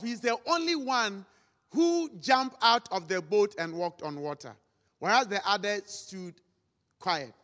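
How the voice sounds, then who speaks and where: A man preaching a sermon, dramatic and acting out quotes, sometimes rising to shouts. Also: high voice. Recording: long hall reverb.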